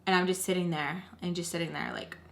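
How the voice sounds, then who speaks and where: A woman's voice: fairly low pitch, quick pace, creaky, slight background noise. A young woman telling a personal storytime in a casual, emotional way, full of fillers like "like" and acting out what others said. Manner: filler-heavy, emotional, quotes others' voices. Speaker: storytime vlogger.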